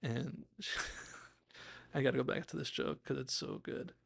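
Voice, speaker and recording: Man, podcast host, casual episode recap, enthusiastic and rambling, self-deprecating, gravelly voice, dry close recording. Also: mid-range voice, takes it slowly, no room sound.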